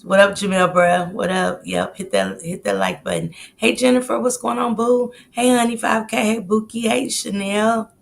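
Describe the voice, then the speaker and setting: A woman's voice: medium pitch, lively intonation, normal speed, vocal fry, hardly any pauses. A woman in her late forties hosting a live stream, chatting casually and greeting viewers by name. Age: 40s. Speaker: livestream host.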